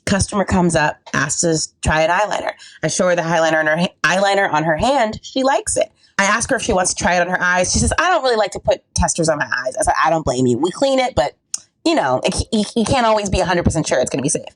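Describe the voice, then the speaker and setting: A woman's voice: fairly low pitch, expressive, fast, dry recording, poor audio. A woman telling a comic story on a podcast, acting out voices and laughing often. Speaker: podcast guest comedian. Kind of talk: casual storytelling chat.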